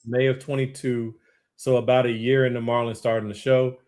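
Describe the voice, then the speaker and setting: A man on a memorial livestream, speaking in a relaxed, hesitant way. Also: medium pitch, brisk, a crowd in the background.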